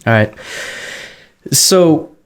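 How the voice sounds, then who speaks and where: A man's voice: on the high side, expressive, very slow, clean tone. A man hosting a video call interview, talking casually with fillers, on a headset. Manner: conversational, frequent fillers. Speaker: host.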